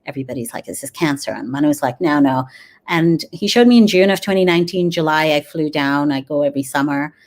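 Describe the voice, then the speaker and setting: A woman in her forties, a dentist and grief coach, talking earnestly in an interview with many pauses and fillers. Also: low voice. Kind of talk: conversational interview.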